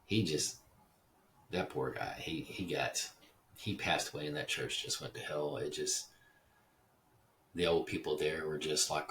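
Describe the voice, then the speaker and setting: A Texas-raised man with an extremely deep voice, talking in a loose, wandering monologue and swearing casually. The mic sits some distance away, with faint hiss underneath. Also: steady tone, measured pace, pauses often, a bit bright. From Dallas, Texas (Oak Cliff). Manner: rambling, digressive, swears casually. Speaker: podcast host.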